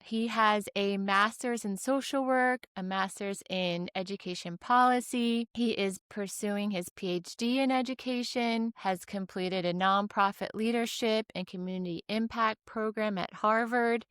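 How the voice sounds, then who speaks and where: A woman's voice: mid-range voice, unhurried, few pauses, fairly bright tone, smooth, no room sound, studio quality. A woman hosting a podcast interview, enthusiastic as she introduces and questions her guest. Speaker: podcast host.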